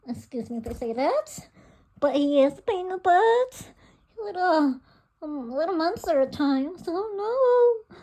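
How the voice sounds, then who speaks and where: A woman's voice: extremely high pitch, very animated, slow pace, pauses often, dark tone. A woman vlogging with her pet bird, giggling and coaxing it in playful baby talk. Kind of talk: casual vlog chatter to her pet and viewers.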